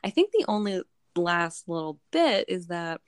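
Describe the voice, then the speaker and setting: A book club podcast co-host with a notably low-pitched voice recaps a novel's plot in loose, rambling, animated chat, piling on "like" and "um." She's unhurried, her tone clean, and the close, dry recording has no room sound.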